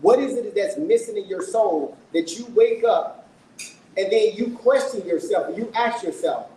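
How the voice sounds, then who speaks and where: A man's voice: high voice, moderate pace, dark tone. A middle-aged man speaking at his book launch, telling a personal story to an audience in an earnest, emotional way and asking them questions. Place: event room with an audience. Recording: echoey room, voice from a distance, faint noise.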